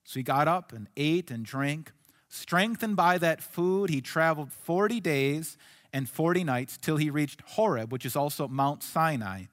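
A male pastor delivers an earnest sermon with a high voice. He drops to soft, hushed lines, then lifts into emphatic ones. His voice rings with the long reverb of a large hall.

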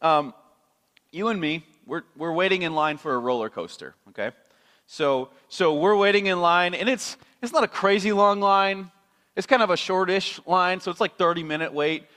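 A pastor giving a sermon, animated and chatty, telling a story with acted-out voices. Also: male voice, high voice, moderate pace. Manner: animated storytelling, acting out scenes with shifting voices. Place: church sanctuary. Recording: long hall reverb.

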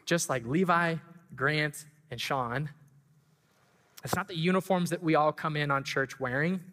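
A pastor who also coaches school track delivers a sermon to his congregation, telling a heartfelt story that builds to excited emphasis. His bright, fairly high voice, a little slow, rings through the church sanctuary with a long reverb trailing each phrase.

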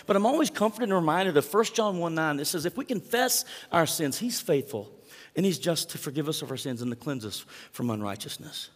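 A middle-aged man preaching a sermon as pastor, telling stories in an animated way that swings from hushed to loud. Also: a little high, a little fast. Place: large church hall. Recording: long hall reverb.

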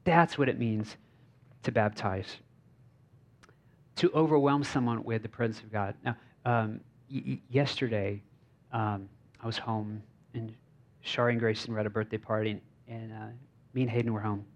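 A man's voice: on the low side, fairly even intonation, normal speed, long pauses. A male pastor giving a conversational sermon, telling stories informally with frequent fillers and restarts. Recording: slightly dull lo-fi recording.

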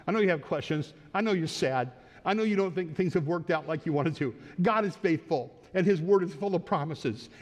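A pastor delivers an earnest sermon, his fairly high voice sinking low and soft for quoted words, then lifting as he urges his listeners on. The sound trails off in the long reverb of a church sanctuary.

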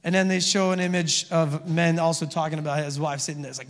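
High-voiced man preaching in a reverberant hall. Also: expressive, brisk. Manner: conversational preaching with frequent "amen?" and "okay?" checks. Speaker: pastor. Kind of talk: sermon.

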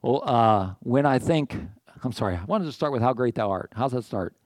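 A pastor giving a sermon in a conversational way, with asides, restarts and questions to the congregation. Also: male voice, mid-range voice, animated, a little fast, a little mellow, dry recording, studio quality.

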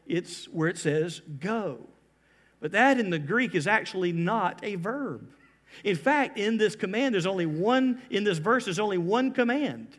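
A pastor delivers a lively sermon, slowing down and raising his pitch to stress the key phrases.

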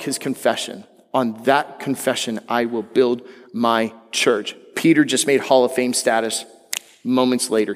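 Preaching man in a reverberant hall. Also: fairly high pitch. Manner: conversational preaching with jokes, rising emphatic peaks. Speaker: pastor. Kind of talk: sermon. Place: church hall.

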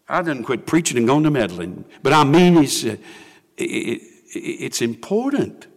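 A man's voice: mid-range voice, big pitch swings, moderate pace. An older man, preaching a sermon as pastor and acting out people's prayers in quoted voices. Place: church sanctuary. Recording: long hall reverb.

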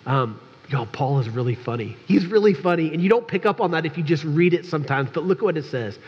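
Candid joking pastor in a reverberant church. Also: male voice, on the high side, expressive, fast, breathy edge. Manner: candid, joking, speaks straight to the congregation. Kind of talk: conversational sermon. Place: church sanctuary. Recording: dull recording with long church reverb.

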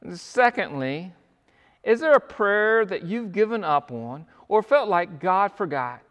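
High-voiced pastor preaching in a reverberant hall. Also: male voice, expressive, unhurried, fairly bright tone. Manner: storytelling with acted quotes, earnest and pleading. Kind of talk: sermon.

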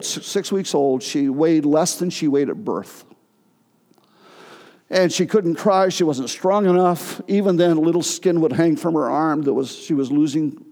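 A middle-aged male pastor preaching a sermon, telling a personal story with emotion and halting restarts. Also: on the high side, creaky, dark tone. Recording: long hall reverb.

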